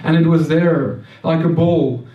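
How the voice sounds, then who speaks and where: Recorded at a distance in a roomy space with echo, a man with a high-side voice tells his faith testimony at a measured pace, the sound lo-fi. He is earnest, often restarting and repeating words as he tells his story.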